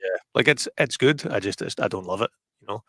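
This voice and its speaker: Man, Glaswegian accent, low voice, dry close mic, casual rambling film chat. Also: animated, a little fast, husky, no room sound. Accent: Glaswegian, softened. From Scotland. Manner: rambling, restarts, self-deprecating. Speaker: guest commentator. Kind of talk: casual watch-party chat.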